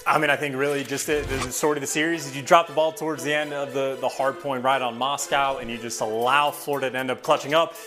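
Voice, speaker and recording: A male analyst breaking down a match in measured, analytical commentary. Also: mid-range voice, fairly even intonation. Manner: measured, analytical, slight restarts. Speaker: esports analyst. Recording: music bed underneath.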